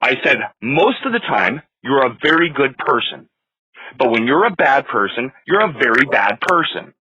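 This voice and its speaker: A man arguing on a phone call, firm, measured and insistent. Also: mid-range voice, big pitch swings, sharp tone, a little hiss or hum. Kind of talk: heated phone argument.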